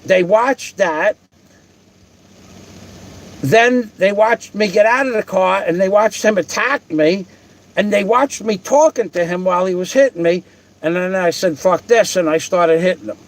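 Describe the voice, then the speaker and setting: A man's voice: high-pitched, unhurried. Blunt, cursing older man telling a story. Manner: blunt, profane, rambling with restarts. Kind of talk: casual storytelling.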